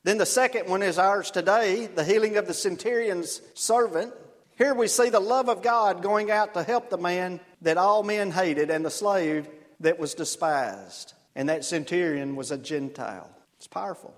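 A man's voice: sits high, moderate pace. A man preaching a sermon as pastor, earnest and conversational, telling stories. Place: church. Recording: long reverb of a church hall.

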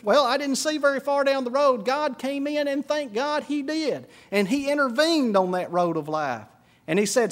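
A middle-aged man preaching a sermon, telling stories and swinging from hushed to shouting. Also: very high-pitched, moderate pace. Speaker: pastor.

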